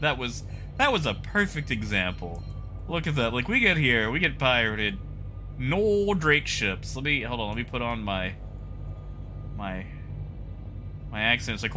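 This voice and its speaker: Lively, bright-voiced male game streamer. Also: mid-range voice, a little hiss or hum. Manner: animated, chatty, laughs often, greets viewers. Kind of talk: casual live-stream commentary while gaming.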